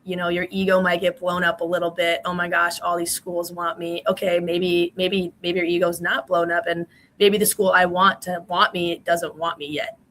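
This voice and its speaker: A young woman, once a college swimmer, tells her story as a podcast guest. Her voice sits a little low and she talks in a loose, chatty flow full of fillers. A faint hiss runs under the recording. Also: flat delivery, moderate pace, fairly bright tone, low-quality recording. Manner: chatty, many "you know" fillers. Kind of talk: casual interview answers.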